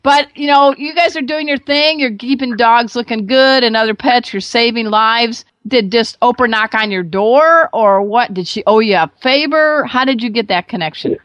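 A woman's voice: a little high, moderate pace, hardly any pauses, a bit bright, dry recording, highs cut off. A woman hosting a radio interview, chatty and enthusiastic, laughing easily. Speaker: radio show host.

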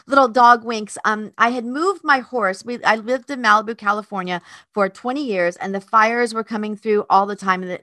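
A woman from North Carolina, a podcast host and dog trainer, telling a heartfelt story in a casual, animated way. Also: medium pitch, no room sound, clean studio sound. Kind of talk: casual chat.

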